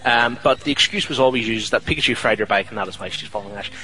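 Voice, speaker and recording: Chatty young man, lowish voice. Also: fast talker, bright, forceful tone, low-quality recording. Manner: chatty, jokey, rambling with fillers. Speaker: podcast host. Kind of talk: casual chat.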